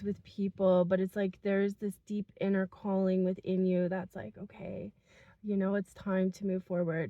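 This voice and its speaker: Young woman doing a spirit reading for viewers, soft and earnest, lots of likes and you knows, kinda flat tone, dry close sound. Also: mid-range voice, no room sound, lo-fi sound. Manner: soft, earnest, emotional, many fillers. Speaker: spiritual channel reader. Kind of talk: intuitive message reading to viewers.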